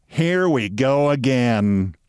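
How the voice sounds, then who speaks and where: A man's voice: mid-range voice, expressive, takes it slowly, a little mellow, clear, resonant tone, no room sound, pitched above the performer's own voice. A man voicing a wry, teasing wife with a dry manner.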